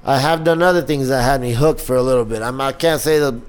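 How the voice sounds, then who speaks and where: A man who does open-mic comedy, talking in a casual podcast chat with a raspy voice and a profane, animated way of telling stories. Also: mid-range voice, quick pace.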